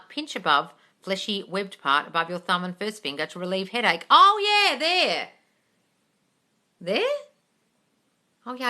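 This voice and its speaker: Bright, blunt woman hosting a live stream. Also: lowish voice. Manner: blunt and swears often, calls viewers darling; swings between soft coaxing and excited squeals. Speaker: live-stream host answering viewer questions. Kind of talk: casual live chat.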